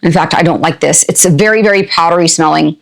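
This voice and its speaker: An older woman hosting a casual unboxing, chatty and playful with quick asides and a jokey put-on country twang. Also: on the low side, gravelly. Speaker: unboxing channel host. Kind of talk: casual product unboxing chat.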